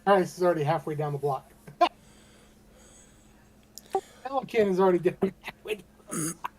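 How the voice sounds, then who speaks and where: A man playing a tabletop game, joking with quick asides. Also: sits high, expressive, darkish tone, slight background noise. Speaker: player. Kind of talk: casual tabletop game play.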